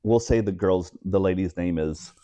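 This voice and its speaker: Speaking deeply at a moderate pace with no echo, a man in his forties from Texas shares personal stories as a casual interview guest. He brings them to life by acting out the voices of the people he quotes.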